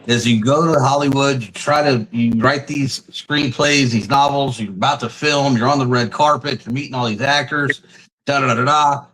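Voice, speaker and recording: A man hosting a conversational interview, reflecting on his guest's story in quick listed phrases. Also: mid-range voice, a bit bright, poor audio. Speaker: podcast host.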